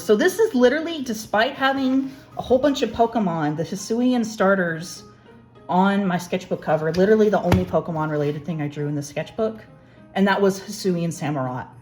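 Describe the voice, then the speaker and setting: A young woman with a fairly low voice talks through her sketchbook in a rambling, self-deprecating way. She chats casually as she flips pages, and faint music plays underneath. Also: darkish tone. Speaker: artist, channel host. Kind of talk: casual sketchbook tour narration.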